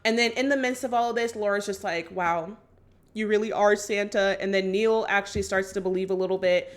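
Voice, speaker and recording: A woman's voice: mid-range voice, steady tone, quick pace. A woman vlogger chatting casually through a movie recap, with lots of "like" and "just like". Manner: chatty, full of "like" and "just like", acts out quotes.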